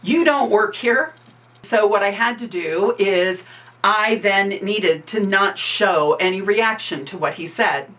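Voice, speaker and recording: A woman's voice: mid-range voice, slow pace, a bit bright. Woman coach telling a workplace story. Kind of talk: storytelling talk.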